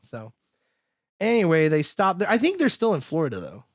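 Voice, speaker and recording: A man's voice: on the high side, wildly swooping pitch, moderate pace, no room sound, clean studio sound. A man hosting a podcast, recapping a film in rambling casual chat packed with "like" and acted-out quotes. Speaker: podcast host.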